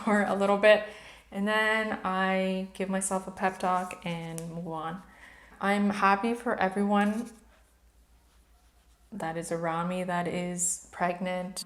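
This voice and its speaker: A woman's voice: fairly low pitch, reverberant. A woman in her thirties chatting candidly to camera while doing her makeup, opening up about personal matters. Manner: candid, chatty, emotional at times. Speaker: beauty vlogger.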